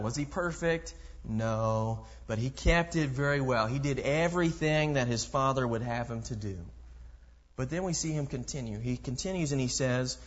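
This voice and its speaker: A man's voice: mid-range voice, normal speed. Preacher man in a reverberant hall. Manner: reads scripture aloud then explains it, with rhetorical questions. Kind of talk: sermon. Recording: muffled voice with long hall reverb.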